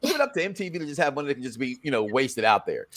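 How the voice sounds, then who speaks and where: A man's voice: medium pitch, huge pitch swings, very fast, fairly bright tone. A man hosting a casual reality-show review chat, joking and rambling, often restarting his sentences. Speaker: podcast host.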